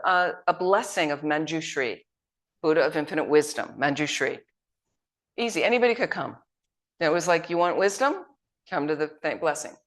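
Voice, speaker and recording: A woman teaching at a Buddhist retreat, telling anecdotes in a conversational way. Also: low voice. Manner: anecdotal, conversational, acts out quotes. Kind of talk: retreat dharma talk.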